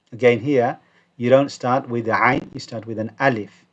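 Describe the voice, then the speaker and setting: A man teaching Quran recitation, modelling each word slowly for students to repeat, with quick explanatory asides. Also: mid-range voice, steady tone. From United Kingdom. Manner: slow, drawn-out model pronunciation, then quick asides. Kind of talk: recorded recitation lesson, repeat after me. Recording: dull lo-fi recording.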